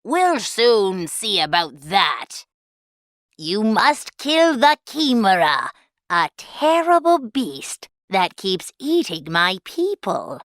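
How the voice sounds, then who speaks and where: A woman's voice: mid-range voice, very animated, fairly bright tone, dry recording, clean studio sound. A woman voicing a cruel, jealous male king who sneers at a young prince in a storybook reading. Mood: sneering. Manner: sneering, slow and drawn out. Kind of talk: storybook character voice.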